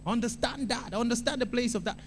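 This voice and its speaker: A man preaching a sermon in a church, talking in an animated, conversational way and repeating phrases for emphasis. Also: very high voice, brisk, slight background noise. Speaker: pastor.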